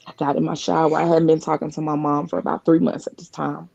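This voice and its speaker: A woman sharing a personal story over a live stream call, talking earnestly and haltingly, often restarting her sentences. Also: deep voice, little pitch movement, gravelly, a little mellow, husky, highs cut off. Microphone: live video call.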